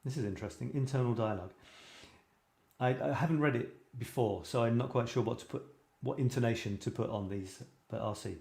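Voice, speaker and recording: British guy on a live stream reading stuff out, rambly and self-mocking, mid pitch, echoey. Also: brisk, gravelly, darkish tone. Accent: British English. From Britain. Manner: rambling, self-deprecating, full of restarts. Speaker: host of a creative writing show. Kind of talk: live-stream chat, reading viewers' writing aloud. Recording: roomy echo.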